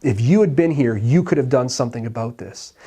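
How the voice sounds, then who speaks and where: A male pastor preaching a sermon, retelling a scripture story and acting out the dialogue with animated, conversational delivery. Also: medium pitch, brisk, husky. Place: church sanctuary.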